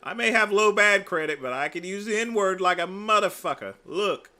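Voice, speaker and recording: A man's voice: high-pitched, brisk, bright, forceful tone. A man hosting a livestream, giving sarcastic commentary on clips with a mocking, exaggerated delivery. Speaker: livestream host.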